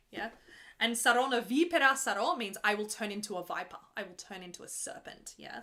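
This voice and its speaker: A woman's voice: medium pitch, lively intonation, brisk, pushed and bright. A young adult woman who sings opera, chatting on a live stream in a joking, casual way while explaining arias to viewers. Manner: chatty and joking, breaks into full operatic singing. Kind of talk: live stream chat and teaching.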